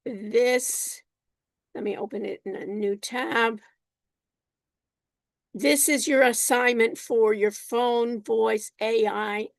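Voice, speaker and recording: Slow-paced woman teaching an online class. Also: fairly high pitch, gravelly, no echo. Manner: unhurried, repeats words, addresses students by name. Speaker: college instructor.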